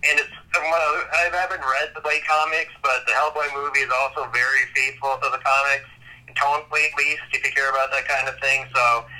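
A man explains his picks in a measured, casual way. His voice is very sharp and bright, and it comes through tinny phone-like call audio. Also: mid-range voice, level tone. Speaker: podcast co-host. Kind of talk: casual movie-review chat.

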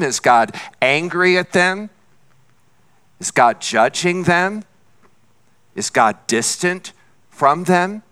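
Male pastor, sermon delivery, earnest and repetitive, high clear voice. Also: bright, forceful tone. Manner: earnest, repeats for emphasis.

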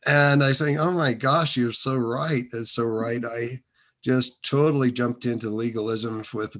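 A man's voice: medium pitch, steady tone, measured pace, a bit bright. Rambling man telling his faith story. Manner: rambling, many restarts and fillers. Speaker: interview guest. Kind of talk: casual testimony.

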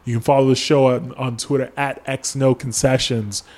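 A man's voice: medium pitch, flat delivery, moderate pace, a little mellow. A young man in casual podcast chat, talking in a loose, profane way. He hosts the show and fills his talk with "like". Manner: casual, profane, lots of "like" fillers. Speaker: podcast host.

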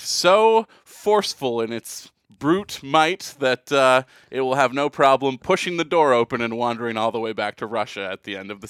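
Guy hosting a chatty sports podcast, gets worked up and ranty, voice jumps all over, super dry close mic sound. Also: no room sound. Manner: animated, ranting with big pitch jumps. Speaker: podcast host. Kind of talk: casual chat.

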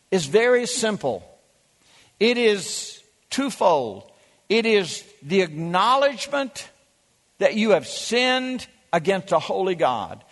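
A man preaching a sermon as pastor, emphatic, with dramatic pauses and drawn-out words. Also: very high voice, a bit bright, long reverb tail.

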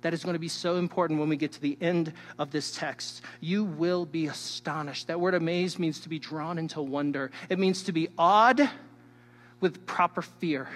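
A man preaching a sermon as a pastor, emphatic and teacherly, swinging between loud stresses and hushed asides while he speaks straight to his listeners. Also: fairly high pitch, moderate pace. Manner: teacherly, addresses the listeners directly. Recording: long hall reverb.

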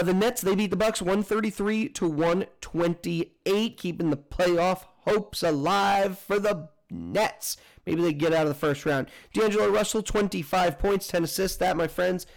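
A man runs through sports scores and standings as a casual news host. His voice sits a little high and has a gravelly edge. His delivery is loose and chatty, and he stops to correct himself. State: has the hiccups.

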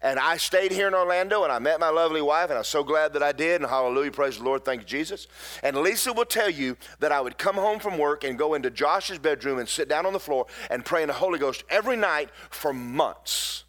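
A man's voice: fairly high pitch, animated, brisk, a bit bright. A middle-aged man, a pastor preaching a sermon in folksy storytelling with emphatic bursts.

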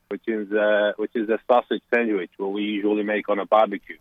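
A man with an Australian accent calls in to a radio show, his lowish voice squeezed through a tinny phone line. He talks haltingly, stopping and restarting with lots of fillers, and there is no room sound around him. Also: flat delivery, dry recording. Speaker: caller.

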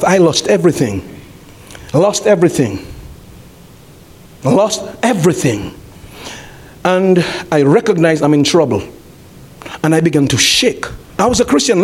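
High-voiced preaching man, rising to shouts. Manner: call-and-response preaching, repeats phrases, rises to shouts. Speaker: pastor. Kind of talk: sermon. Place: church.

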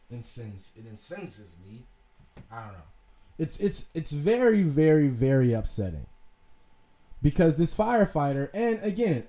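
A young adult man hosts a podcast, delivering a casual commentary monologue. He talks loosely, swears freely, and trails off into restarts, his voice on the high side with a dark tone.

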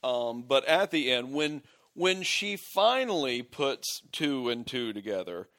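A male podcast co-host speaks in an unhurried, drawn-out way while his pitch swings widely. He tells stories loosely and acts out quoted lines with gusto. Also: big pitch swings, fairly bright tone, no room sound, studio quality. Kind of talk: casual chat.

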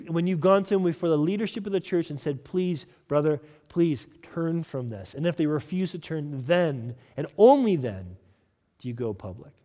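A man's voice: a little high, darkish tone, long reverb tail. A man preaching a sermon as pastor, emphatic and earnest, often restarting and repeating words as he builds a point.

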